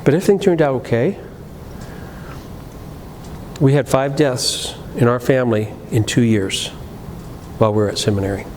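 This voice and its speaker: A middle-aged man preaching a sermon, telling a personal story, moving between loud emphatic lines and low quiet asides, with frequent restarts. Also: moderate pace, pauses often. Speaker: pastor. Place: church sanctuary. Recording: live church recording with long reverb and faint room noise.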